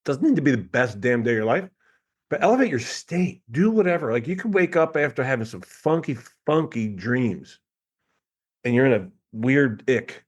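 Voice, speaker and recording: A man's voice: medium pitch, normal speed, husky. A man speaking as a guest coach in a casual podcast conversation, telling stories with lots of laughter and little impressions of people. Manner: animated storyteller, laughs often, mimics people.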